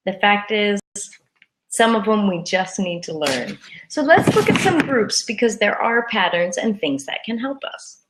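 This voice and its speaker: A woman teaching a live English lesson, saying words slowly and carefully and repeating them for learners. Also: mid-range voice, lively intonation, noisy background. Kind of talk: live-streamed grammar lesson.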